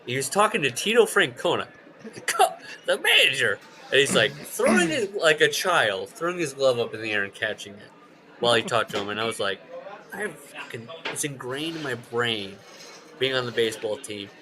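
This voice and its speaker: A man co-hosting a podcast in casual chat, telling stories with swearing and loud, mimicked shouts. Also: mid-range voice, a little fast, a crowd in the background. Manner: animated storyteller, swears, shouts out quoted voices. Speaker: podcast co-host.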